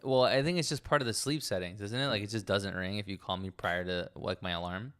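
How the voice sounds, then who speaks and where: A man's voice: on the low side, a little fast, a bit bright, smooth. A man co-hosting a podcast in casual chat, blunt and laid-back. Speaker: podcast co-host.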